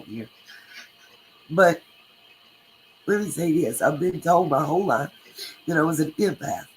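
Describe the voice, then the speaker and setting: A woman's voice: deep voice, a little hiss or hum, poor audio. A woman hosting a true crime livestream, chatting casually, reading comments and thanking viewers by name.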